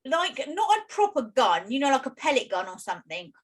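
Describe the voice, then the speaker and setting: British female co-host, chatty expressive storyteller, fairly high pitch. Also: a little fast, rough recording. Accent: British English. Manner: chatty, expressive, with many fillers and asides. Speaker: podcast co-host. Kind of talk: casual storytelling chat.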